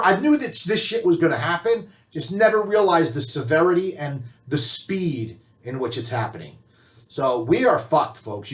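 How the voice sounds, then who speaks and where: An older man from the United States, a biker author, delivering an angry, profane, heated rant as a monologue to his viewers. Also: on the high side. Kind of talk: ranting monologue. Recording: roomy echo.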